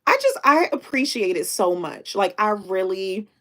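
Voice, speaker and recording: A woman hosting a casual live stream. She thanks viewers warmly, drops in French greetings and speaks with emotion, close to tears. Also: mid-range voice, lively intonation, normal speed. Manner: chatty, repeats herself, thanks viewers.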